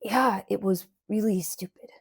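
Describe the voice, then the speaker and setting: A woman reading the lines of a young man in an audiobook, worried and angry, speaking low and urgently. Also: unhurried, slightly rough, no room sound, clean studio sound.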